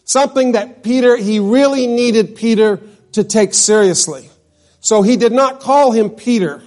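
A man's voice: very high voice, measured pace, a little mellow. A male pastor from New Mexico preaching a sermon, asking his congregation questions and drawing out key words.

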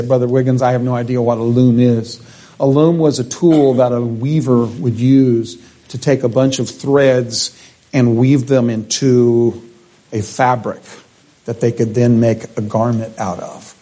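A man's voice: mid-range voice, mellow. A middle-aged man preaching a sermon, reading scripture aloud and explaining it verse by verse.

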